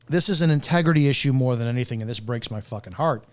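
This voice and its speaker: A man's voice: medium pitch, fast talker, hardly any pauses. A man who is a former police officer, hosting a live stream and delivering an angry, profane commentary rant.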